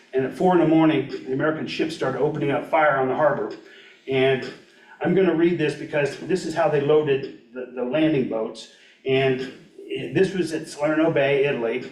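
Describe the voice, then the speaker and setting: A man's voice: a little high, recorded from a distance. An older man at a library talk, telling folksy family stories and acting out quoted dialogue. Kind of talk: storytelling talk. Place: library meeting room. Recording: roomy hall, voice off the mic.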